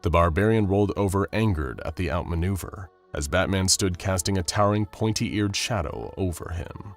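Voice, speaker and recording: A man narrating a scripted action story in a steady, dramatic storytelling manner. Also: deep voice, moderate pace, soft background music.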